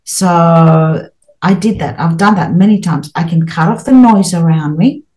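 A woman's voice: lowish voice, measured pace, darkish tone, poor audio. A middle-aged woman as an interview guest, talking earnestly and at length, with many restarts and fillers. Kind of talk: interview, spiritual experiences.

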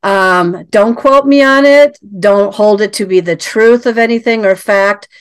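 A woman's voice: medium pitch, a little slow, clear, resonant tone. A woman hosting a casual interview, asking long, hesitant questions full of restarts and hedges. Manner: rambling, hesitant, hedging questions. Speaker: interview host.

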